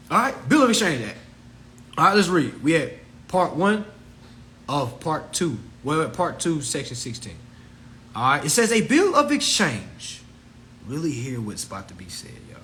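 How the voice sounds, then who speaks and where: A high, bright-voiced man rants profanely about law and debt, his pitch swinging wildly as he preaches at his listeners. He talks fast and animated, throwing in shrill impressions of people. A faint hum sits behind him. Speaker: host. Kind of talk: livestream talk.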